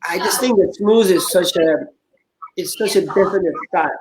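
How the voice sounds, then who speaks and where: Danish-accented male dance coach, fairly high voice, snappy then thoughtful in interview. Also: normal speed, slight background noise, low-quality recording. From Denmark. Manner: short snappy answers, reflective when he opens up. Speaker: dance coach and judge, guest. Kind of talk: casual interview.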